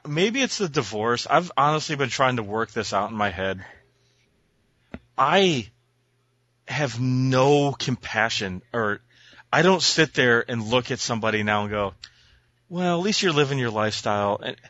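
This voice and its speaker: Brief: man, podcast co-host, animated ranting storyteller, bright voice, dry lo-fi sound. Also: medium pitch, a little slow, no echo. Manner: profane, exasperated, acts out voices in his stories. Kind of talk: casual chat, ranting storytelling.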